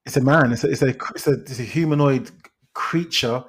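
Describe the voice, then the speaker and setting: A man retelling a film plot in casual podcast chat, animated and exasperated, with frequent restarts. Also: medium pitch, normal speed, a crowd in the background. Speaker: podcast host, film reviewer.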